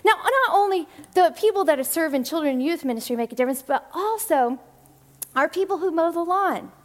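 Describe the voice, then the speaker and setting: A woman's voice: very high-pitched, animated. A woman who directs a church's family and children's ministry gives a chatty talk to the congregation, laughing often and acting out the voices she quotes. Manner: rushed bursts of speech with restarts.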